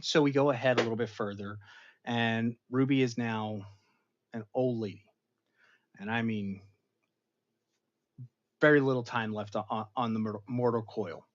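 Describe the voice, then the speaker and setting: A man hosting a casual episode review, animated and chatty, often slipping into playful voices for the characters. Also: medium pitch, a little slow, pauses often. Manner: animated, acts out characters' lines in funny voices. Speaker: show host. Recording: slightly dull, lo-fi sound.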